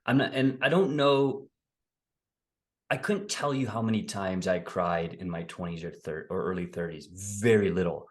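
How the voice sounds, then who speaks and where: Soft-spoken, low-voiced male host. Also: moderate pace. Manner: soft-spoken, thoughtful, affirming. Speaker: podcast host. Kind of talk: reflective interview chat.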